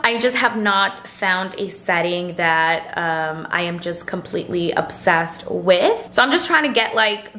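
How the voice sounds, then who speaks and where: A woman's voice: medium pitch, a bit bright. A young woman chatting casually into her vlogging camera at home, peppering her talk with "like". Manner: chatty, heavy use of "like". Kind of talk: casual vlog chat. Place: indoors at home.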